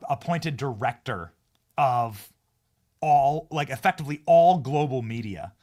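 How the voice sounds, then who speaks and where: A man hosting a political commentary show, talking in a hyped, jokey way, riffing with sudden loud bursts. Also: mid-range voice, lively intonation, measured pace. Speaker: show host.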